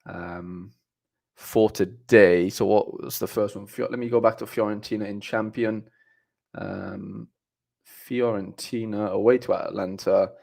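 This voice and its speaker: Chatty young man, lowish voice. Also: vocal fry, darkish tone. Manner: chatty, rambling, frequent fillers and restarts. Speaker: livestream host. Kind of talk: casual live-stream chat reading viewer comments.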